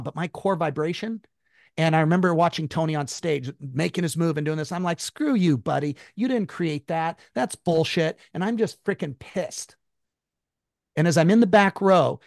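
A man, a guest in an interview, telling a personal story in an emphatic, high-strung way and swearing freely. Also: gravelly, no echo, studio quality.

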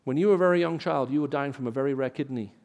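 A man's voice: mid-range voice, racing. English-accented man preaching in a hall. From Middle East. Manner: storytelling, rising loud for emphasis. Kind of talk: sermon. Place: large auditorium.

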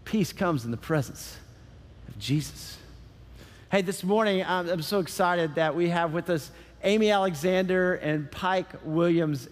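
A middle-aged man preaching a sermon as pastor, animated and conversational with casual asides. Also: fairly high pitch. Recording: church hall with long reverb.

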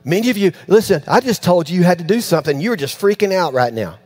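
Animated storytelling preacher, man. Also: high-pitched, quick pace, breathy edge. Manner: animated storytelling, acts out voices, dropping to near-hushed tones. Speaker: pastor. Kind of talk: sermon.

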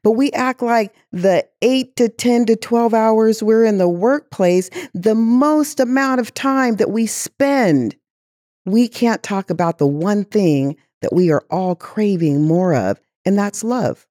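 A woman's voice: mid-range voice, animated, takes it slowly, warm tone, no echo, clean studio sound. A woman guest in an interview, speaking with passion and asking emphatic rhetorical questions. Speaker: guest, chief diversity officer. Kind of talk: interview conversation.

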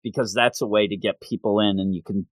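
A man hosting a podcast, retelling an anime episode in an animated, playful way in casual chat. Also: lowish voice, fast, dry recording. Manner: animated storytelling with playful bits. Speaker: podcast host.

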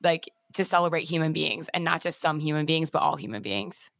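A woman's voice: deep voice, expressive, fairly quick, creaky, fairly bright tone, no echo. A woman host and fitness instructor chatting casually, full of fillers and fond of analogies. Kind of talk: casual interview chat.

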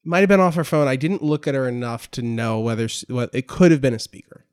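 A man in easy conversation with a wry, mock-serious delivery that turns small gripes into grand complaints. His voice sits at an ordinary middle pitch. The sound is dry and close, with no room echo. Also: fast, a little mellow, clean tone. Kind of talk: casual chat.

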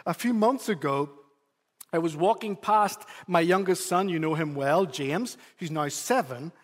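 A man preaching a sermon as pastor, telling a story in an animated way and sometimes repeating words for emphasis. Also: on the high side, unhurried, big-room sound.

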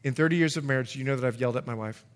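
A middle-aged man, a pastor, preaching a sermon in an animated way, now and then acting out short exchanges in a low growl. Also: rapid-fire. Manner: animated, acts out dialogue with sudden drops to a low growl.

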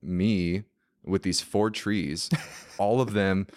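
A man's voice: low-pitched, steady tone, slow pace, a little mellow. A man, a podcast guest, telling a story in a casual, rambling way, full of fillers and acted-out quotes.

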